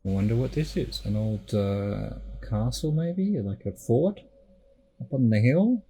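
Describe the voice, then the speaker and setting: A man's voice: mid-range voice, animated, a little slow, mellow, slightly rough, low-quality recording. A middle-aged Australian man giving gameplay commentary as a streamer, musing and talking himself through what he is doing at home.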